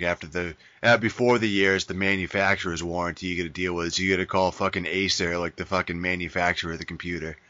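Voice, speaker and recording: A man with a very low, bright-edged voice tells a rambling story in casual podcast chat, swearing constantly and saying dude over and over. The sound is dry and a bit dull and lo-fi. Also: dry recording. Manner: profane rambling storytelling, says dude a lot.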